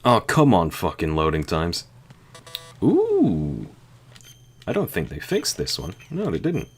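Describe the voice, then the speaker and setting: A man's voice: sits low, huge pitch swings, takes it slowly, slightly rough. A man with a sore, dry throat, joking and rambling crudely while playing a video game. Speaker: game streamer. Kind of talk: casual let's-play commentary.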